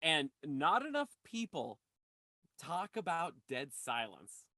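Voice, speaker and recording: A man's voice: fairly high pitch, slow pace, dry recording. A man co-hosting a podcast, talking casually, swearing freely and blurting out asides. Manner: profane, lively, blurts out asides. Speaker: podcast co-host. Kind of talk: casual chat.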